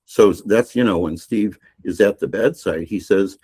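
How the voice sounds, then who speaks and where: A man's voice: on the low side, unhurried, hardly any pauses, a little mellow, slightly rough. An older man, a novelist, retelling his book's plot in a podcast interview, rambling with restarts and fillers. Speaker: novelist guest.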